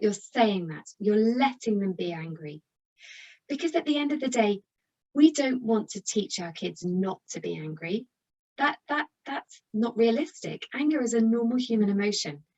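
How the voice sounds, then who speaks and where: A British woman talks parents through her advice in a chatty, encouraging way, speaking directly to her viewers. Her voice sits at an everyday middle pitch. The recording is slightly dull and lo-fi. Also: a little mellow. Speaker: parenting coach. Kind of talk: direct-to-camera parenting talk.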